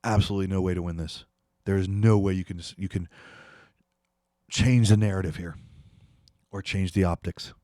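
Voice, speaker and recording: A man's voice: sits low, fairly even intonation, moderate pace, pauses often, dark tone, dry recording, studio quality. A man hosting a political commentary, ranting angrily and repeating himself as he dares his listeners to respond. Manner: angry, ranting, repetitive, challenging viewers.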